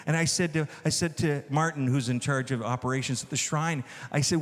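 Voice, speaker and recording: A man, a filmmaker, telling animated stories to an audience and acting out the dialogue. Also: fairly high pitch, normal speed, few pauses, in a large hall. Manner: enthusiastic, acts out dialogue. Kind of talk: animated storytelling talk.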